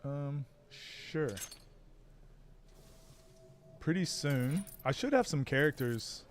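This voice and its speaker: A man's voice: a little high, lively intonation, takes it slowly, a little hiss or hum. An American man chatting casually on a live stream, answering chat while he plays a game. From United States.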